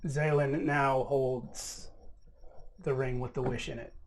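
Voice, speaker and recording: Slow-talking male game master. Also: mid-range voice, steady tone. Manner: measured rulings and narration. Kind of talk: narrating a tabletop game.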